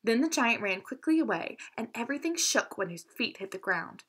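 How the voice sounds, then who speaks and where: A woman teacher reads a children's storybook aloud, very expressive, her pitch rising and falling widely. Her voice is bright and a little high. She sometimes stops to explain a word. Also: breathy edge. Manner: expressive, pausing to explain words.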